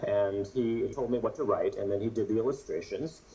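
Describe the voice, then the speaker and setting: A middle-aged man, an author, telling funny stories to an audience in an animated, joking way. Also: fairly low pitch, brisk. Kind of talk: humorous storytelling talk. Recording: noisy audio with background ambience.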